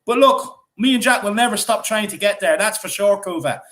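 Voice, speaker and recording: A man's voice: high-pitched, brisk, fairly bright tone. An Irish man co-hosting a fan channel stream, reading out viewer comments in a chatty way, with lots of fillers and repeats. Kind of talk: casual live-stream chat reading comments.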